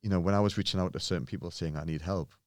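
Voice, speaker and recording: A man from England, a pro bodybuilder guesting on a podcast, races through personal stories in a low voice. He's casual and earnest, imitates other people in his anecdotes, and the recording is dry and studio quality.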